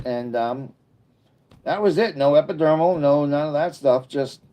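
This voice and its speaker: A man in his fifties hosts a casual livestream in a warm, mid-range voice. He rambles through jokey asides while reading and answering comments.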